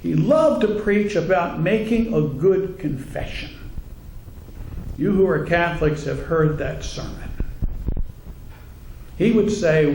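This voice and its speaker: A man's voice: a little high, slow, pauses often, darkish tone, roomy sound, slight background noise, poor audio. A man, a psychotherapist, giving a humorous talk to a congregation, telling wry stories and turning to the audience with asides. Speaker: psychotherapist and speaker.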